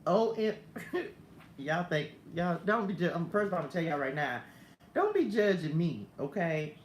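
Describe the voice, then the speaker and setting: A woman's voice: on the low side, big pitch swings, normal speed. A woman giving a casual, laughing, digressive morning devotional straight to her viewers, ending in prayer. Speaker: faith coach hosting a morning message. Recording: echoey room with faint ambient noise.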